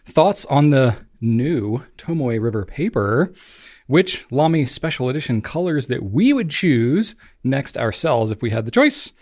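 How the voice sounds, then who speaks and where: A man's voice: medium pitch, sing-song, measured pace, darkish tone. A man co-hosting a casual podcast, chatty and self-deprecating, laughing often. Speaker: podcast co-host. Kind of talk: casual chat.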